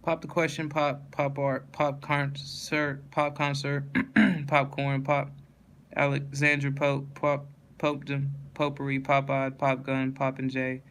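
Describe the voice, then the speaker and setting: Man reading a word list in a flat monotone. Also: mid-range voice, a little slow. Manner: flat, monotone listing with self-corrections.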